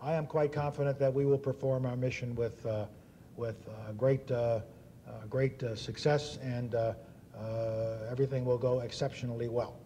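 A stiff army captain, a man who talks in formal phrases and stumbles over fillers as he searches for words, as a speaker puts him on. The voice is mellow and relaxed. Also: medium pitch, normal speed, in a large hall, slight background noise, natural voice.

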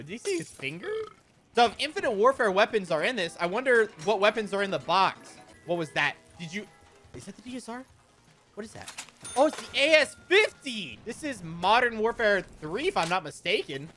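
A man giving casual gameplay commentary, excitable, often swearing and laughing at surprises. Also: high voice, normal speed, soft background music. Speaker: gaming YouTuber.

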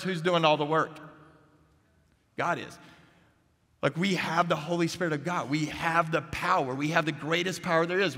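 Lively preacher man in an echoing chapel. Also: fairly high pitch. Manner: energetic, humorous, questions the crowd. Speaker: guest preacher. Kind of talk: chapel sermon. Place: seminary chapel. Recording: echoey chapel hall.

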